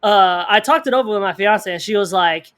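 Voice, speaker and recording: A man co-hosting a podcast, telling a story in casual slang, animated and acting out the people in it. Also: high voice, background noise. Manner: fast bursts of speech, slang-heavy. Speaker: podcast co-host.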